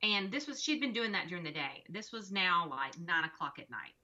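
A woman, a mother and co-host, chatting casually and telling an animated story in which she acts out the dialogue. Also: on the low side, fairly quick. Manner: expressive, acts out quoted dialogue. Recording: dull lo-fi recording.

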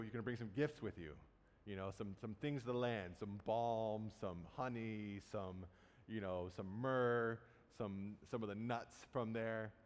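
A man preaching a sermon, retelling a Bible story in a conversational way and casually acting out the quotes. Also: fairly low pitch. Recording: long hall reverb.

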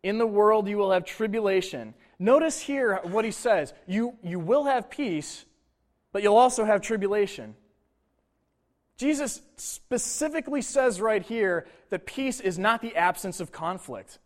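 A man preaching a sermon in a conversational way, with casual asides and quick mock voices. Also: high-pitched, expressive. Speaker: pastor.

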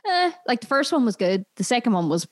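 A woman guest on a casual podcast, animated and laughing between remarks. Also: on the high side, fast talker, no echo. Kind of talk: casual chat.

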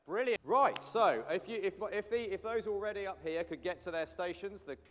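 A man's voice: high-pitched, moderate pace, a little hiss or hum. A man leading a church congregation through a psalm, coaxing them to repeat lines after him. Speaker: pastor. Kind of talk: interactive sermon teaching a psalm. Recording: long church reverb.

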